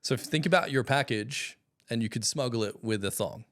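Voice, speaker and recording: A man's voice: mid-range voice, a little fast. A man hosting a podcast, friendly and laughing easily as he explains slang. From Australia. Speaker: podcast host. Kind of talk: casual conversation.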